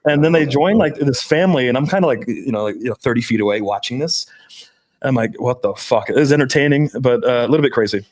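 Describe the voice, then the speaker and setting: A man's voice: medium pitch, lively intonation, fast, darkish tone. A man telling casual, profane stories on a men's dating podcast. He swears a lot and acts out the people he quotes. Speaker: podcast co-host.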